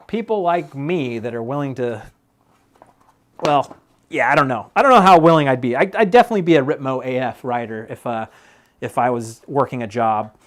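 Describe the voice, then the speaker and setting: A man with a medium-pitched voice chats casually on a live stream while working on a mountain bike. He rambles, laughing and using lots of fillers.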